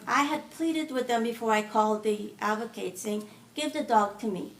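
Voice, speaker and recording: A woman giving an earnest public comment at a city meeting, recounting events and quoting others in quick, pleading bursts. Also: a little high, slight background noise. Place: city commission chamber. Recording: roomy chamber audio, distant mic.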